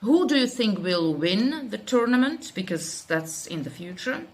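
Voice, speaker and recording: A woman's voice: mid-range voice, sing-song, a little slow. A woman with a Slovak accent teaching English grammar, reading out example sentences and explaining them in loose, unscripted speech with many fillers. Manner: unscripted, with frequent fillers and restarts.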